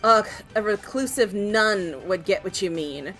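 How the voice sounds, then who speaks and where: A woman voicing a sharp-tongued young woman in a game, sarcastic and whiny. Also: mid-range voice, a little slow, faint music behind, close to an everyday voice. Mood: snippy.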